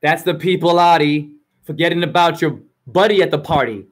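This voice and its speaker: A man's voice: a little high, moderate pace. A man hosting his own video channel, delivering a rambling spoken-word freestyle monologue full of rhyming free-association wordplay and preachy advice.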